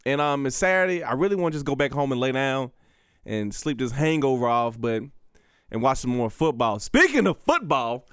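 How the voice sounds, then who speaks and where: A man's voice: medium pitch, very animated, normal speed, fairly bright tone, smooth, no echo, studio quality. A young adult man, a stand-up comedian, talking casually to camera in a rambling, profane way full of stammered restarts.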